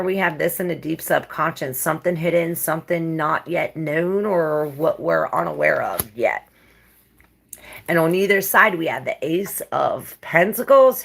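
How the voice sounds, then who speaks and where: A woman reads tarot cards in a loose, musing way and drifts from thought to thought with plenty of fillers. Her voice sits a bit low and has a gravelly, husky edge. She sounds dreamy and unhurried as she talks through what she sees. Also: fairly bright tone. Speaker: tarot reader. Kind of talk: casual tarot reading.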